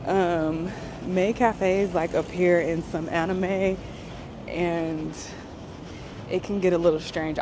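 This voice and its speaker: A young adult woman vlogging casually outdoors on a city street, chatty and often laughing. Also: lowish voice. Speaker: travel vlogger. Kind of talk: casual vlog chat while walking outdoors. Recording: clear city street noise behind.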